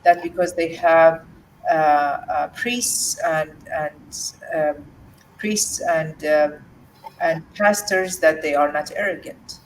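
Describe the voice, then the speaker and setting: A woman from Jordan, a guest in an interview, shares an emotional personal story in a low, steady voice. She speaks haltingly, with many restarts and fillers. The mic is distant, picking up faint background noise.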